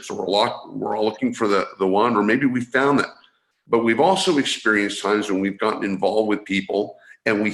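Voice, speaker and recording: An energy awareness coach from San Francisco, USA, explains things as a guest in an interview over a video call. His middle-pitched, slightly bright voice is halting, with restarts and repeated words. His room has a noticeable echo.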